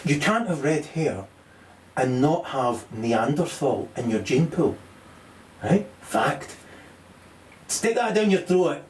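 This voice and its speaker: A man's voice: fairly high pitch, sing-song, slow pace, a little hiss or hum. A middle-aged man, doing a rambling, crude stand-up monologue, full of swearing and stumbling restarts, laughing at his own jokes. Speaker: comedian.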